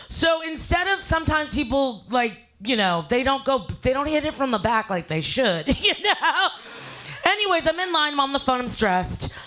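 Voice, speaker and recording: A woman doing a stand-up comedy set, brash and profane, telling a story with loud voiced asides. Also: high voice. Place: live fundraiser show.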